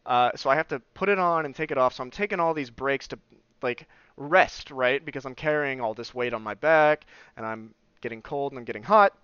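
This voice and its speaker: A young podcast host with a medium-pitched, bright, forceful voice speaks briskly as he tells a personal story. He swears freely and acts out the voices of the people he quotes. His tone is clean with no room sound, though the recording has a slightly dull lo-fi quality.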